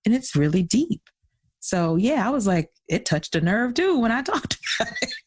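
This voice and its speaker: A woman co-hosting a podcast, telling personal stories in an expressive, casual way. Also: fairly high pitch, normal speed, no room sound. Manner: expressive, dramatic storyteller. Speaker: podcast co-host. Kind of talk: casual chat.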